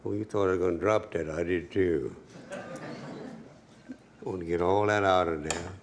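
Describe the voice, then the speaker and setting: A man's voice: low-pitched, moderate pace, noisy background. A man giving a cooking demonstration as a home cook, folksy and chatty, talking straight to the viewer.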